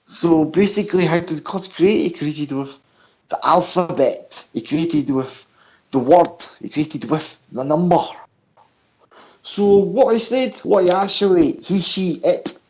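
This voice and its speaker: A man from the United Kingdom, a guest on a radio interview, talks in an animated, rambling way and explains things by asking questions. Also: a little high, unhurried, low-quality recording. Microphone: headphones and mic at home.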